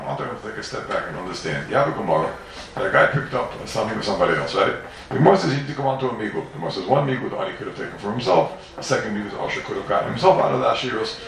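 A man's voice: fairly low pitch, gravelly, a little hiss or hum. A man giving an emphatic Talmud lecture full of questions and repeated phrases. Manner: questioning, sing-song and emphatic, with many repeats. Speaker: Talmud teacher. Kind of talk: fast yeshiva-style Talmud lecture. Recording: roomy echo, voice from far off the mic.

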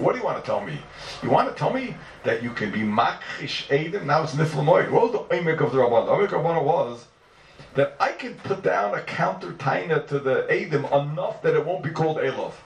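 A man teaches a Talmud class at a quick clip. He throws out questions and answers them himself, his voice leaping up and down in a sing-song study cadence. He is heard from a distance in an echoey room, with faint sound in the background. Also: mid-range voice, a little hiss or hum. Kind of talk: animated Talmud class lecture.

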